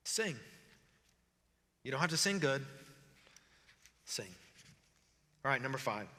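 Man, pastor, sermon, bright forceful voice, emotional and tearful, reverberant church hall. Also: mid-range voice, takes it slowly. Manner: emotional, voice breaking into tears at times; shifts between hushed intensity and lively joking.

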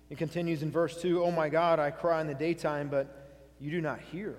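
A man's voice: fairly high pitch, flat delivery, a little fast. Preaching man in a reverberant church. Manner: earnest, asks the congregation questions, reads scripture aloud. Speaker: pastor. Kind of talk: sermon. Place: church sanctuary. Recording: long hall reverb.

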